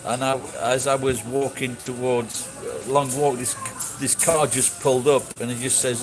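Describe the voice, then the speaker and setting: Speaking at a moderate pace with hardly any pauses, a streamer with a level, medium-pitched voice answers chat in casual conversation over background music. He's blunt and sweary and keeps restarting as he rambles, on a rough recording.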